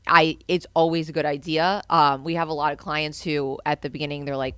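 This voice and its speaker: A young adult woman co-hosting a marketing podcast, talking in a lively, earnest way with casual fillers. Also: sits low, fairly quick, hardly any pauses, smooth, no room sound. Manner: animated, earnest advice-giving with fillers. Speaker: co-host.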